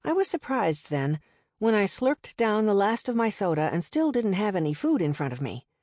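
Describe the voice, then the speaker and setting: A woman reading a novel aloud in the first person, in a steady, conversational storytelling manner. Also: mid-range voice, moderate pace, no room sound, clean studio sound. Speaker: audiobook narrator.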